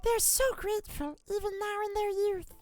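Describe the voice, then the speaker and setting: A man voicing a gentle, motherly insect queen in a video game, reading her lines aloud in a soft, kindly, sentimental way. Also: very high-pitched, steady tone, moderate pace, no room sound, soft background music, voice pushed up. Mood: tender.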